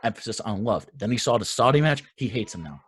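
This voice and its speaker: A man's voice: on the low side, expressive, quick pace, slightly rough. A young man co-hosting a casual talk show, ranting with heat and plenty of swearing. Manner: heated, profane ranting. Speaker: podcast co-host.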